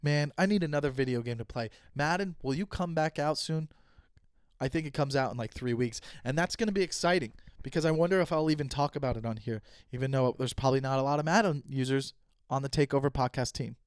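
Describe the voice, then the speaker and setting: A man's voice: medium pitch, quick pace, clear, resonant tone, no echo, clean studio sound. A young man hosting a solo podcast, rambling and joking casually with lots of swearing. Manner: rambling, profane, joking asides. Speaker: podcast host.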